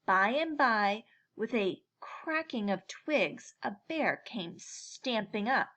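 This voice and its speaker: Female storyteller, read-aloud pace, slightly high, bright tone. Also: animated. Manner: slow, gentle read-aloud. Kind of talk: reading a picture book aloud.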